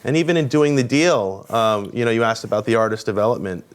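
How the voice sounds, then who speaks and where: A man's voice: medium pitch, expressive, fast talker. A man answering interview questions, earnest and reflective, often restarting his sentences. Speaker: guest record executive.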